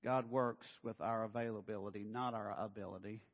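A man's voice: lowish voice, fairly quick. Middle-aged man preaching in a reverberant hall. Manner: animated, humorous, acts out voices. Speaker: pastor. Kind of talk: sermon. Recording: dull sound in a reverberant hall.

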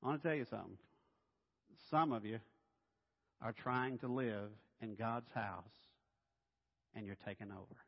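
A man preaching a sermon in a church, animated and playful, dropping to a hush and then rising loud. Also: on the low side, a little slow, pauses often. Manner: animated and playful, swinging between hushed and loud. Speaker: pastor. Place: church sanctuary. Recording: reverberant hall, dull sound.

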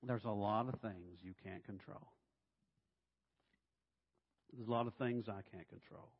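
A man preaching a sermon in a church, animated and playful, dropping to a hush and then rising loud. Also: fairly low pitch, measured pace. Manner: animated and playful, swinging between hushed and loud. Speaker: pastor. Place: church sanctuary. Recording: reverberant hall, dull sound.

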